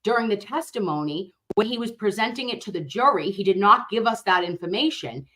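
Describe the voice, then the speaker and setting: An excitable woman with a thick Boston accent, reacting in a loose, chatty way. She swears and fires off rhetorical questions. Her pitch sits in the middle of the usual range. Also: a little fast. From Boston, Dorchester. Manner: animated, excitable, swears, calls viewers babe and loves. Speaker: host reacting to a juror interview. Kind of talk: casual reaction chat.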